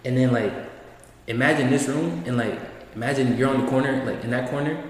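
A young man recounts a wild night to his friends in relaxed, slang-heavy speech. He sits well back from the mic in a bare, echoing room with a long tail of reverb. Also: medium pitch, a little fast. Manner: laid-back slangy storytelling. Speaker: storyteller among friends. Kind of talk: casual chat. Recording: echoey room, voice from far off.

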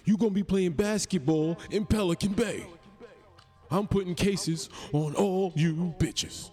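A man's voice: sits high, unhurried, a little mellow, soft background music, pitched above the performer's own voice. A man doing an impression of a threatening corrupt cop from a crime film. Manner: threatening, gruff.

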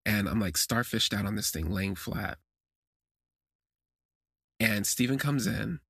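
A man hosting a confessional podcast, telling a personal story with animated bursts when he acts out his reactions, recorded on a phone. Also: takes it slowly, breathy edge, dry recording, studio quality. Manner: animated, jumps high when acting out his own reactions. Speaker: podcast host.

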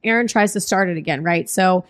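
A woman in casual chat, telling a film plot with lively retelling and frequent swearing. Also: on the low side, brisk. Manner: animated storytelling, swears freely, acts out quotes. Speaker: podcast co-host recapping a film.

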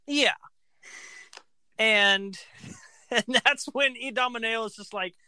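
A woman casually retelling an opera plot, animated and acting out the characters' lines. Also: on the high side, slow pace, pauses often, no echo.

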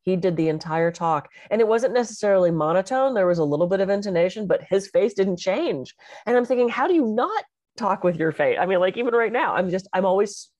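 A woman talking as a podcast co-host and speaker, animated and expressive as she tells stories in casual chat. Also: mid-range voice, fast, hardly any pauses, no echo.

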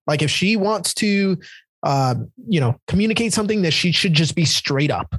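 A man hosts a podcast conversation in a somewhat high, husky voice. He muses reflectively and pokes fun at himself, dropping short affirmations while his guest talks. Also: expressive, normal speed, fairly bright tone, no room sound. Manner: reflective, self-deprecating, frequent short affirmations. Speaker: podcast host. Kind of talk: conversational interview.

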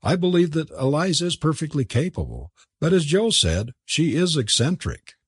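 A man's voice: on the high side, sing-song, moderate pace, slightly rough, dry recording, clean studio sound, pitched above the performer's own voice, exaggerated voice. A man voicing a gracious, proper middle-aged hostess.

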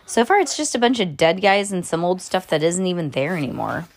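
A woman's voice: fairly low pitch, very animated, brisk. A woman voicing a whiny little boy, the younger brother in a storybook read aloud. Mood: grumbling.

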